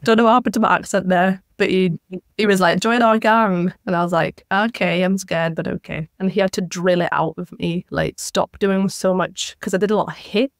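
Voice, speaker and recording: A woman's voice: lowish voice, steady tone, a little fast, no echo, studio quality. A young woman, a podcast guest, chatting casually and acting out what people said to her. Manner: chatty storyteller, acts out quoted exchanges.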